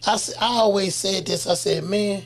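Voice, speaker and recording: A man hosting a casual interview, easygoing and agreeable, backing up his guest with quick yeahs and telling his own stories. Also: sits high, steady tone.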